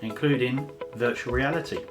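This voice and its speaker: A man's voice: medium pitch, normal speed, music in the background. A man giving a casual photography tutorial to camera, chatty and loose, with plenty of fillers and restarts. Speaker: photography vlogger.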